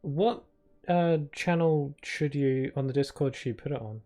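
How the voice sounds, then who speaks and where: A man's voice: mid-range voice, measured pace, mellow. Chatty man streaming a game. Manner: chatty, playful, answers chat with many fillers. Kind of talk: casual live-stream chat. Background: game music.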